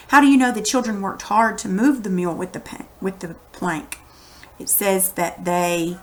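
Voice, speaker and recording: A teacher reading a story aloud with expression and patiently explaining it to children. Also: female voice, medium pitch, moderate pace. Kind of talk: reading a story aloud and asking comprehension questions.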